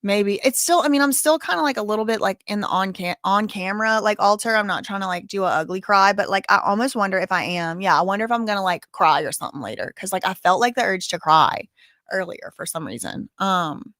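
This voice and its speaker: Livestream host, woman, mid-pitched, loose and chatty, lots of "like", heartfelt, dry close-miked sound. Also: expressive, fairly bright tone, no echo. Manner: chatty, halting, heavy use of "like", openly emotional. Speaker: livestream host reading viewer donations. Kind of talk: casual livestream chat.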